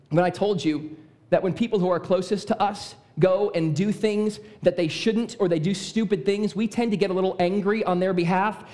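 A male preacher with a high-pitched voice delivers a sermon in an emphatic, repetitive style. He lowers his voice to stress key points before lifting it again. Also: a little mellow.

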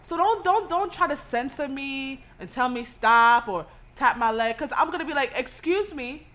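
Loud foul-mouthed woman on a podcast, high voice, no filter. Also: normal speed. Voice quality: loud, blunt, profane. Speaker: podcast co-host. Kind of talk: casual chat.

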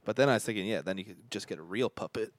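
A man's voice: lowish voice, rapid-fire, dry recording. A man co-hosting a casual podcast chat, easygoing and jokey. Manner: easygoing, jokey, lively intonation.

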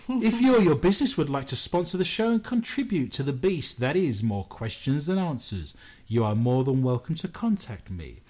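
A man's voice: a little high, very animated, normal speed, a little mellow. A British man hosting a paranormal news radio show, joking and making fun of himself as he talks. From Britain. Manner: playful, jokey, self-mocking.

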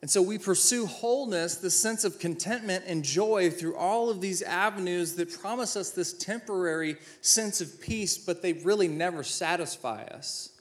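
Here a man's high-sitting voice moves at a moderate pace with few pauses. He's a former football player in his thirties delivering a motivational speech, poking fun at himself as he recounts his own stories and performs the conversations.

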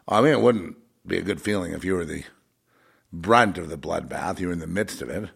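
A man's voice: deep voice, fairly quick, creaky, a bit bright, breathy edge. A man giving an unscripted spiritual monologue in a blunt, repetitive way with scornful asides.

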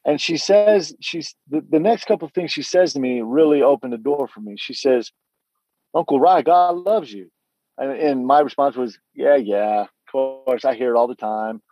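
Earnest man retelling his past, halting. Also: mid-range voice, mellow, no echo, lo-fi sound. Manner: earnest, halting storytelling with many restarts and acted-out dialogue. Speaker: guest telling his story. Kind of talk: candid personal testimony.

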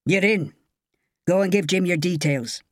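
A woman voicing a gruff, barking older Scottish male head gardener with a Scottish accent, in an audiobook. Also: fairly low pitch, a little slow, no room sound, studio quality, lightly acted.

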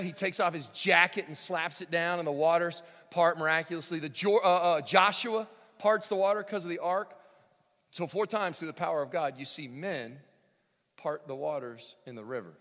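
A male pastor preaching a sermon, swinging from near-shouts to hushed tones, with joking asides. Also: on the high side, moderate pace. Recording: long hall reverb.

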